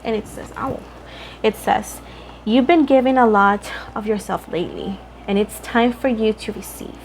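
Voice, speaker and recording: A young woman talks her viewers through a tarot reading in a loose, rambling way, often cutting herself off mid-sentence. Her pitch sits in a middle range. A faint noise hangs behind her voice. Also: very animated, normal speed, creaky. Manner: chatty, rambling, self-interrupting. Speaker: tarot reader.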